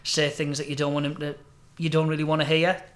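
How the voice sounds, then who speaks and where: Matter-of-fact pet shop man, a man putting on, quiet and bright. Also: a little high, completely flat delivery, fast, natural voice.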